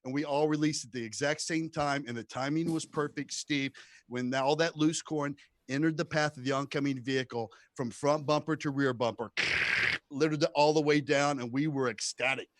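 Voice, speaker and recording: A male comedian spins a long stand-up story, voicing his characters with sudden high shouts. His voice sits a little high and sounds dry and close, with no room around it. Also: normal speed, no echo. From rural United States. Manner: animated storyteller who acts out shouted quotes.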